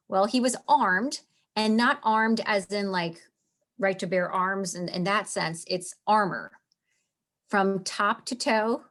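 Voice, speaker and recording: A woman's voice: mid-range voice, unhurried, fairly bright tone. A woman teaching in a casual, chatty way, reading lines aloud and stopping to explain them, with a lot of "like". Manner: chatty, reads lines aloud, says "like" often.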